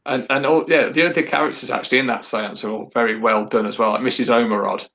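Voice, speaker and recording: A man from England co-hosting a casual podcast, talking in a dry, measured way with hesitant ums. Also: mid-range voice, steady tone, creaky, a bit bright, poor audio. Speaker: podcast co-host.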